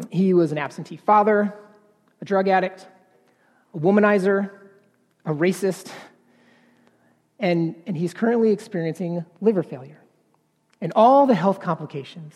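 A man preaching a sermon in an earnest, halting way, repeating words and then building to emphatic passages. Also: high voice, a little mellow, long reverb tail.

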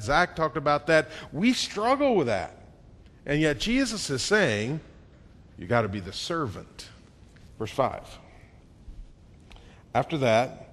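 A man preaching a sermon in a church, with expressive delivery that swings between loud emphasis and quiet, close moments. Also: mid-range voice, in a large hall. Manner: expressive, acts out quoted voices with swings in loudness.

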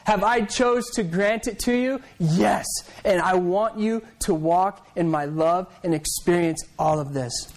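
A man's voice: high voice, measured pace, hardly any pauses, darkish tone, low-quality recording. A man preaching a sermon, telling a story in a conversational way and repeating words as he gets going. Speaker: pastor.

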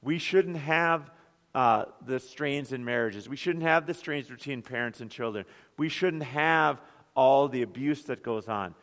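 A man's voice: medium pitch, measured pace, a bit bright. A man, a pastor, preaching an earnest sermon full of rhetorical questions. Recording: long hall reverb.

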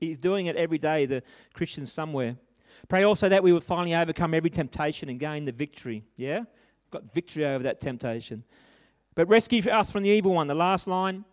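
Preaching with a slightly high voice, a middle-aged man shares a personal story in his sermon. His delivery is sincere and chatty, full of restarts and questions tagged onto the ends of lines.

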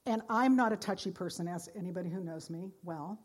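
A woman pastor preaching a sermon, earnest, moving between loud exhortation and hushed storytelling. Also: lowish voice, a little fast.

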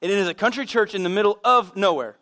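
A man preaching a sermon as pastor, telling animated stories with self-deprecating humor. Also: sits high, quick pace. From United States. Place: church sanctuary.

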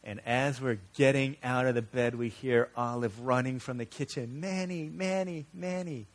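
A man's voice: medium pitch, level tone, moderate pace. Earnest storytelling male pastor. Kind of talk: sermon.

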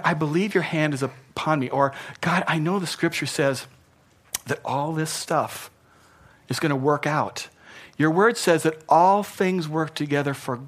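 A man preaching a sermon in a church, earnest, repeating phrases for emphasis and swinging from soft to loud. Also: fairly high pitch. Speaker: pastor. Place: church hall.

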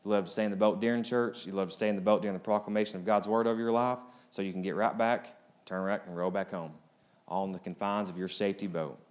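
A man preaching a sermon as pastor, swinging between loud, rising appeals and quiet, low asides. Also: steady tone, quick pace.

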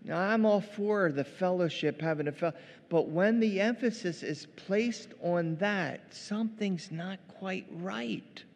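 A man preaching a sermon as pastor, animated and acting out quoted voices, in a church. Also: high voice, takes it slowly, big-room sound.

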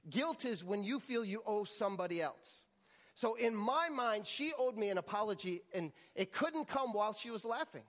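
Guy pastor preaching, pretty high voice, keeps restarting his words, big echoey church hall. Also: animated, normal speed. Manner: storytelling with frequent restarts and repeated words. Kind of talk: sermon.

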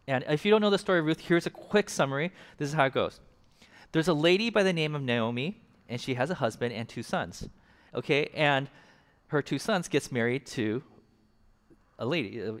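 A man's voice: medium pitch, big-room sound. A man preaching a casual, joking sermon, asking the congregation to repeat words after him. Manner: casual, joking, engages the audience. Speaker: pastor.

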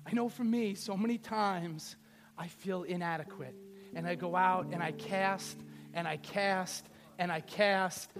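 A man's voice: sits high, steady tone, a little slow, over music. A man preaching a sermon, telling a story with acted quotes and building to urgent appeals.

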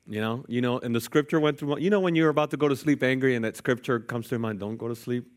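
A man's voice: mid-range voice, quick pace. A man preaching a sermon, telling a personal story with playful jokes to the congregation. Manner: lively, jokey asides to the congregation. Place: church sanctuary.

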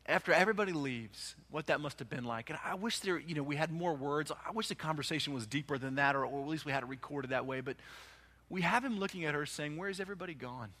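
A male pastor delivering a sermon with a high, bright voice. He preaches with passion, swelling to loud urgent peaks and then sinking into hushed, quiet stretches. His tone is forceful and clear. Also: fast talker.

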